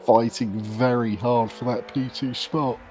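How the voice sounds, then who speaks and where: A man commentating a sim race, calmly explaining pit stop rules. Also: mid-range voice, a little slow, slight background noise. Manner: explanatory, technical.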